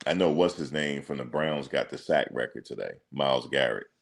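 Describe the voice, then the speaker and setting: Talking fairly quickly, a very deep, gravel-voiced man reads through viewer comments on his reaction stream. He chats in an easygoing, slangy way, thinking aloud with frequent ums.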